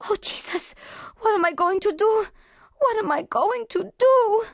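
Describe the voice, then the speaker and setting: A woman's voice: extremely high pitch, expressive, unhurried, gravelly, no echo, clean studio sound, pitched above the performer's own voice, full character voice. A woman voicing a terrified teenage girl who whimpers and panics, trembling as she talks. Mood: panicked.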